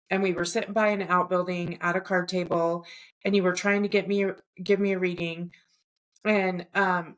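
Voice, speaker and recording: A woman co-hosting a podcast, telling a dream in a casual, animated way with frequent swearing. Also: on the low side. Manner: profane, animated storytelling. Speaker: podcast co-host. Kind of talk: casual chat, recounting a dream.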